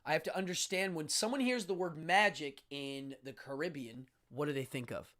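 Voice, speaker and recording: A man who works as a magician and occultist, hosting a live show and talking casually with a dramatic, animated manner and stumbling restarts. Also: fairly high pitch, moderate pace. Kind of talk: casual livestream monologue.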